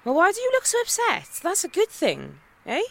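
Caring friend, very lively pitch. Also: female voice, a little fast, vocal fry, full character voice. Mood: concerned. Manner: worried, caring.

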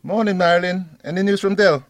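An actor playing a principled man who speaks in a measured, earnest way. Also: sits high, steady tone, slight background noise. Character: calm, principled male friend.

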